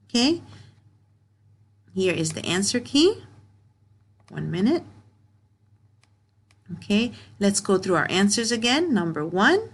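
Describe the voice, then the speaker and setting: A woman teaching young pupils in a recorded grammar lesson, reading sentences aloud slowly word by word and patiently repeating herself. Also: medium pitch, very animated, slightly rough. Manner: repeats and restarts phrases.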